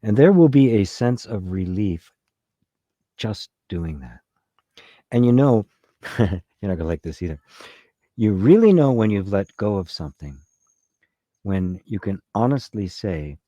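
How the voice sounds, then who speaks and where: A man giving a spiritual talk and answering a live chat in a soft-spoken, conversational way, often asking "right?". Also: fairly low pitch, sing-song, unhurried, long pauses, no room sound. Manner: conversational, repeats words, says "right?" often. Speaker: spiritual teacher.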